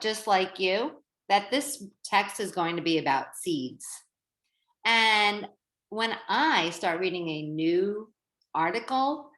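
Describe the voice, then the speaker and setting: A woman teacher giving a reading lesson to young children, slow and sing-song, stretching out words. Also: medium pitch, fairly bright tone. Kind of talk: early-grade reading lesson. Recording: roomy echo.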